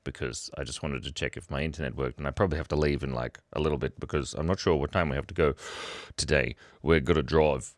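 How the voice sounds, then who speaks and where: A man's voice: very deep voice, fairly even intonation, fast talker, no room sound, clean studio sound. A man hosting a casual livestream chat, playful and silly, often giggling. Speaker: livestream host.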